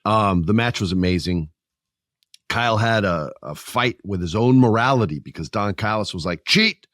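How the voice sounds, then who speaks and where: A man hosting a casual wrestling podcast, joking and animated, sometimes mimicking people in his stories. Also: fairly low pitch, moderate pace, dry recording, studio quality. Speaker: podcast host.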